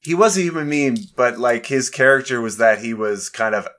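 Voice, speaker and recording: A man's voice: mid-range voice, expressive, normal speed, fairly bright tone. A man co-hosting a podcast, chatting casually about a film, joking and rambling, and poking fun at himself. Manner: joking, rambling, self-mocking. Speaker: podcast co-host. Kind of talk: casual chat.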